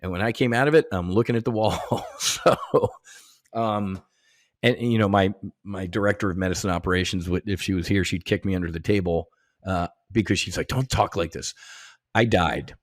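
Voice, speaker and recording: A middle-aged man from the United States, speaking as a podcast guest in a somewhat low voice. His storytelling is loose and animated, full of slang, swearing and restarts. The recording is dry, with no room sound. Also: fairly quick, no room sound. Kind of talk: casual conversation.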